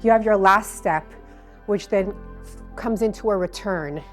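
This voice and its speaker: A woman's voice: mid-range voice, a little slow, soft background music. Effusive woman designer on site. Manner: effusive, descriptive, animated. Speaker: interior designer. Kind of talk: casual walkthrough conversation. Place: on site at a house under construction.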